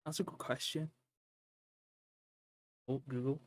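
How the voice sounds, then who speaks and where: A man in his sixties, co-hosting a comedy podcast, talks in casual banter with a dry, self-mocking manner and sometimes drops into a low mutter. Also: fairly even intonation, takes it slowly, no echo. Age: 60s. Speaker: podcast co-host.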